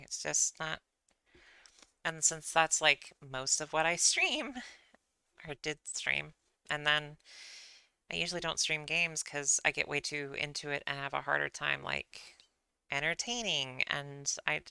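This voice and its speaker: Low, gravelly-voiced woman streamer, rambling. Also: pushed and bright, dry recording. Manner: rambling, self-deprecating, apologetic. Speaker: livestreamer. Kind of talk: casual rambling stream chat.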